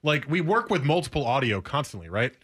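A man's voice: mid-range voice, big pitch swings, fairly quick, fairly bright tone, slightly rough. Playful male sports radio co-host. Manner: playful, teasing banter. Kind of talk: casual sports talk.

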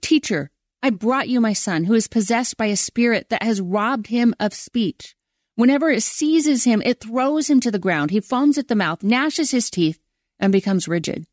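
A woman's voice: fairly high pitch, no echo, studio quality. A woman hosting a podcast, reading a devotional and a prayer in an earnest voice that draws out key words. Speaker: podcast host.

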